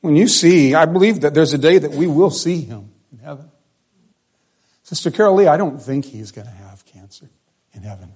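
A man preaching a sermon as pastor, repeating phrases and swinging between loud emphasis and hushed speech. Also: fairly high pitch, animated, moderate pace, slightly rough.

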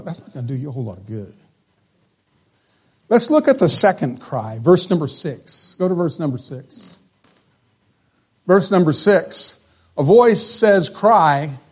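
Pastor, male, high voice, conversational sermon with questions to the congregation. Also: darkish tone.

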